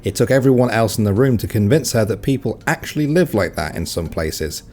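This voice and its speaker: A man's voice: lowish voice, expressive, brisk, a little mellow. A man reading reddit stories aloud in a casual way, adding wry, joking comments between them. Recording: faint music behind.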